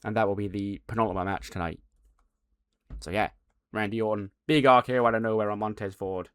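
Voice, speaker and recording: A man's voice: lowish voice, steady tone, brisk, fairly bright tone, clear, resonant tone, no echo, clean studio sound. A man casually narrating a game playthrough, swearing as he recaps events. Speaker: game channel host.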